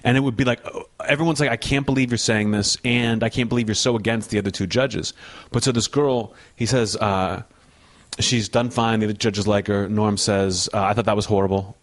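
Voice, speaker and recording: A man's voice: on the low side, fairly even intonation, moderate pace. A man, a comedian guest on a talk show, telling brash, sardonic anecdotes in casual chat.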